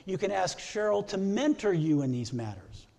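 A middle-aged male pastor delivers a sermon in an earnest, list-building cadence. His voice sits a bit high for a man, with a mellow, dark tone and a husky edge. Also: very animated, moderate pace. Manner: earnest, repeats phrases in preaching lists.

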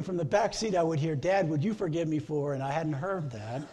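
A middle-aged male pastor delivers a sermon in an earnest, list-building cadence. His voice sits a bit high for a man, with a mellow, dark tone and a husky edge. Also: fairly quick, hardly any pauses. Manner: earnest, repeats phrases in preaching lists.

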